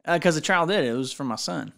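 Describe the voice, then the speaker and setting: A man playing a loud, excitable radio game show host in an improvised comedy sketch. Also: fairly high pitch, fast, vocal fry. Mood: showy. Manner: yelling, hammy announcer delivery.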